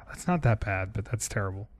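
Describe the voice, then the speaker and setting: Animated man chatting horror films. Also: fairly low pitch. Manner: animated, profane, opinionated film enthusiast. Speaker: podcast co-host. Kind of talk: casual chat.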